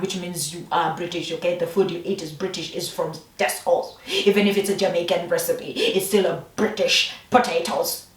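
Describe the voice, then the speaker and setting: A woman from Uganda delivers a passionate, emphatic vlog monologue, peppered with swearing and rhetorical questions. Her voice sits at an ordinary middle pitch. She sounds set back from the microphone in a room that echoes. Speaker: vlogger. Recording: echoey room, distant mic.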